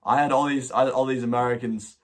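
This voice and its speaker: Talking fast in a medium-pitched voice with fairly even intonation, the Scottish livestream host chats casually while taking questions. He often restarts his sentences, wanders a bit, and swears now and then.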